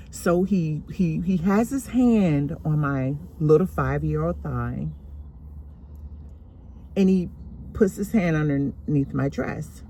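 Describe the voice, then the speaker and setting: A woman slowly and deliberately telling a painful personal story from her childhood. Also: deep voice, creaky, mellow, slight background noise. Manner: slow, deliberate, emotional retelling.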